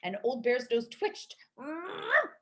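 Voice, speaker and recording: Expressive woman reading a bedtime story. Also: a little high, normal speed. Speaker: cantor.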